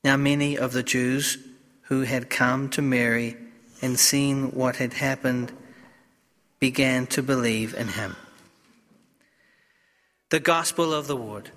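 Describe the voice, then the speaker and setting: A male priest reading the Gospel and preaching in a slow, solemn, deliberate way. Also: medium pitch, steady tone, a bit bright, long reverb tail.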